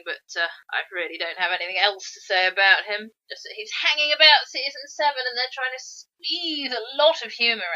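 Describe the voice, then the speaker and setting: Opinionated southern English woman, bright tone. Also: medium pitch. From southern England. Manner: opinionated, matter-of-fact. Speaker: podcast co-host. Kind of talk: casual chat about TV. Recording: slightly dull lo-fi recording.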